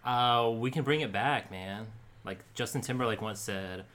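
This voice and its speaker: A man's voice: lowish voice, normal speed, a bit bright. Joking male podcast co-host. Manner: joking, offhand banter. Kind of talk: casual sports chat.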